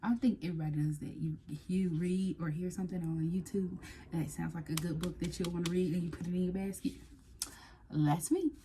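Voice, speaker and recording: Chatty woman with a mellow voice. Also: lowish voice, a little fast, a little hiss or hum. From United States. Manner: chatty and excitable, reads blurbs aloud. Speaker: book vlogger. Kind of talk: casual book haul chat.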